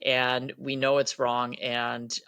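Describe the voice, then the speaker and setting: Woman host, middle-aged vet; steady, measured delivery, deep for a woman. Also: clear, resonant tone. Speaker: podcast host and veterinarian. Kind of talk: conversational podcast interview.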